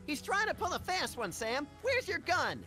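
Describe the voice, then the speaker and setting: A hyperactive little rabbit-like critter voiced by a woman in a cartoon game, gleeful and eager for violence. The voice sits a bit high and swings up and down a lot. Clear game music plays behind it. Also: big pitch swings, moderate pace, sharp tone, full character voice. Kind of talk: cartoonish video game voice acting.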